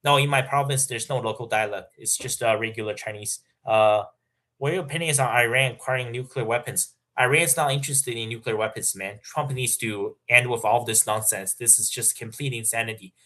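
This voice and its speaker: A man's voice: mid-range voice, pushed and bright. Casual man chatting on a livestream. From Canada. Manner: halting, many fillers and restarts, laughs often. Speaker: livestream host. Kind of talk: casual livestream chat reading super chats.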